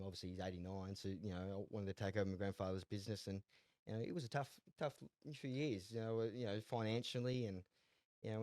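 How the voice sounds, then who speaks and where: A man's voice: lowish voice, darkish tone, no echo. Laid-back young Australian man telling yarns. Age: 20s. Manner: laid-back, rambling, laughs often, repeats words. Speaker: guest, jockey and horse trainer. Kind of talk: casual interview storytelling.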